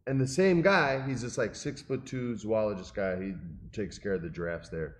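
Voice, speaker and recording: A middle-aged man casually telling an emotional, animated story and quoting the people in it. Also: on the low side, normal speed. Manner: animated, emotional, quotes people in his stories.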